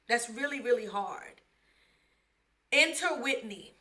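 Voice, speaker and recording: A woman's voice: fairly high pitch, slow pace, sharp tone. A young woman from the Bronx, hosting a podcast and candidly telling her own life story, emotional and slangy, addressing listeners as y'all. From the Bronx, New York. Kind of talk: personal storytelling monologue.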